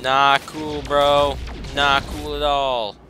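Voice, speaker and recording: Excitable man gaming, slow talk. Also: medium pitch, noisy background. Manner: excitable, exclaims and complains with sudden outbursts; self-talk, mutters and trails off while managing inventory. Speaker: gaming commentator. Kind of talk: casual let's play commentary. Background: game music.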